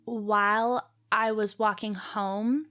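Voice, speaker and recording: With a medium pitch and an easy, slow pace, a twenty-something Canadian woman shares a story while co-hosting a podcast. Her storytelling is animated, and she voices the characters' quotes herself.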